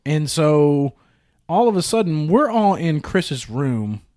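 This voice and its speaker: A man's voice: on the high side, sing-song, takes it slowly, a little mellow, no echo, clean studio sound. A man in his thirties hosting a podcast, telling a funny childhood story in casual chat, swearing freely and acting out the people he quotes. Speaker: podcast host.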